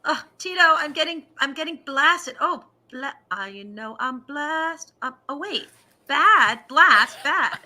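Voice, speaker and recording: A woman doing a famous male pop star who gropes hesitantly for words, half-sung and a little higher than her own voice. Her tone stays bright and sharp. It is a short comic impression. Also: animated, unhurried, exaggerated voice. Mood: musing. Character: famous male pop singer, adult, muddled songwriter.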